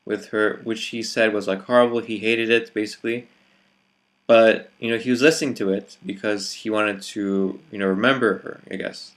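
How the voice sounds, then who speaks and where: Hesitant, low-voiced man musing aloud. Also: fairly even intonation, normal speed, a bit bright. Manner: hesitant, many fillers and restarts. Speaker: vlogger. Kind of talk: reflective casual monologue.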